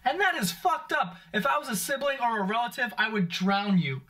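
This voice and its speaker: A man's voice: very high voice, expressive, a little fast, bright, forceful tone. A young man hosting a vlog, ranting to camera in a comedic, profane, exasperated way. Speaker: vlog host.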